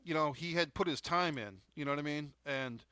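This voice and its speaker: A male co-host chatting casually and relaxed, often saying "you know" and "I mean.". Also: a little high, brisk, clean tone, dry recording. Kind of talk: casual chat.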